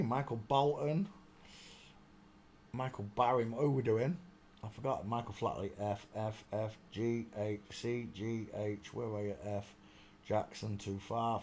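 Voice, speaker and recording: A man's voice: medium pitch, fairly even intonation, a little slow, darkish tone, slight background noise. A man hosting a casual live stream, chatty and exclaiming, muttering to himself as he searches.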